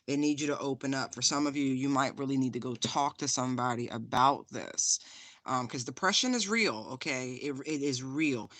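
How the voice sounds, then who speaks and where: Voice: mid-range voice, fairly bright tone, no room sound. A tarot reader giving a casual spiritual card reading to viewers, chatty and direct, with lots of fillers, calling the listener honey while showing a stone to the camera.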